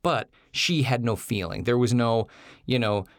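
A man's voice: mid-range voice, unhurried, gravelly, dry recording, clean studio sound. A man on a podcast telling a candid personal story in a casual, digressive way, turning playfully defensive when he is corrected.

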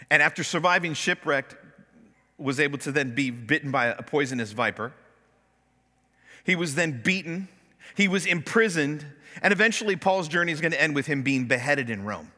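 A man preaching a sermon from the pulpit, his voice high-pitched and bright. He is animated and acts out the complaints and prayers he quotes. The sound rings with the long reverb of a large church hall. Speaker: pastor. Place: church sanctuary.

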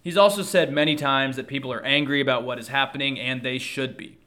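A man delivering an earnest political commentary monologue to his viewers, measured and thoughtful, with frequent fillers. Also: medium pitch, sharp tone.

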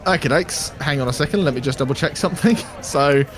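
A man's voice: on the high side, fast talker, soft background music. A man running a tabletop game as game master, narrating casually and thinking aloud.

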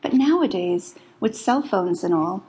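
A woman voicing an earnest female schoolteacher who lectures softly and apologetically. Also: mid-range voice, expressive, unhurried, lightly acted, rough recording.

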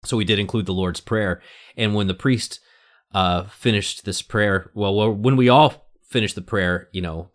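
A man's voice: on the low side, moderate pace. A man on a podcast panel, telling a chatty personal story loosely, with plenty of fillers. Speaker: co-host. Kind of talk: casual anecdote.

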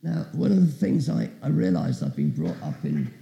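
A man gives a testimony sermon as a guest preacher, telling his story with asides and questions to the audience. His voice is very gravelly and dark, and it rises and falls a lot. The sound rings around an echoey church hall. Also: fairly high pitch, wildly swooping pitch, moderate pace. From Britain.

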